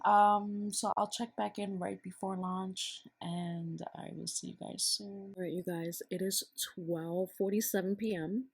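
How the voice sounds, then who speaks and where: A woman vlogging casually, chatty and excitable, talking straight to her viewers. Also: mid-range voice, a little slow, gravelly, hardly any pauses, husky. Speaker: beauty and fitness vlogger. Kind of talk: casual vlog diary.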